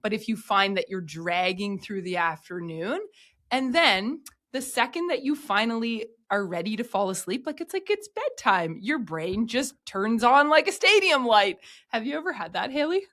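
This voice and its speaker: A woman's voice: on the high side, expressive, normal speed, fairly bright tone. A woman hosting a podcast, upbeat and encouraging in casual chat, often laughing. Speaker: podcast host.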